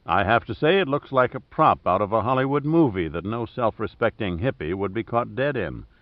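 A man playing a cool-headed adventurer with a dry wit, speaking in a measured, understated voice a shade lower than the narration. The sound is dry and a little dull, read close to the mic. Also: expressive, dry recording, close to an everyday voice. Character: calm, dryly witty male adventurer leader. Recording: dry, slightly dull audio.

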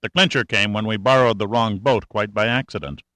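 A man's voice: lowish voice, fairly quick, sharp tone, no room sound. A man voicing a cool, sarcastic male adventurer in an audiobook, speaking in a dry, matter-of-fact way. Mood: explaining.

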